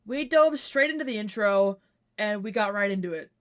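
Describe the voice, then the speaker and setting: Relaxed woman chatting on a podcast. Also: medium pitch, moderate pace. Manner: relaxed, swears, laughs easily. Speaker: podcast guest. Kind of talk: casual recap chat.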